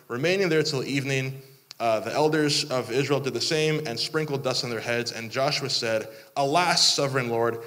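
Man, thirties, preaching, animated, mock-complaining asides, middle pitch, long reverb of a church hall. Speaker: pastor. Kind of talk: sermon.

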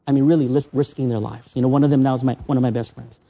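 A man's voice: mid-range voice, fairly even intonation, racing, warm tone. An American man in his fifties preaching a sermon from a stage, telling stories in a conversational way and often repeating words. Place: stage under spotlights.

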